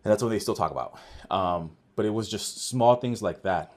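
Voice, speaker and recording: A man's voice: lowish voice, normal speed. A man who works as an office manager, guesting on a podcast and telling workplace stories in a casual, earnest way, acting out quoted dialogue. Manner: earnest, animated retelling with quoted dialogue and many restarts. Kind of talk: casual conversational storytelling.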